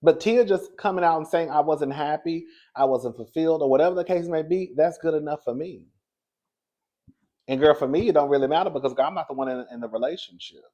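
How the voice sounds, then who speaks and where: Sassy, chatty male gossip commentator. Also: fast. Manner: sassy, chatty, addresses viewers as "girl"; swings from low murmurs to high excited bursts. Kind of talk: casual commentary to camera.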